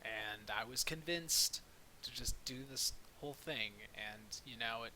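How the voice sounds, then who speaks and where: A man's voice: medium pitch, measured pace, bright, forceful tone. A man playing a tabletop game, stammering and sheepish. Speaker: player. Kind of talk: casual tabletop game play. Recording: faint hiss.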